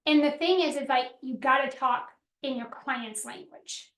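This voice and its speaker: A middle-aged businesswoman coach runs a workshop in a direct, energetic style, questioning her audience and acting out her clients' words. Her high-pitched voice moves at normal speed in a reverberant space.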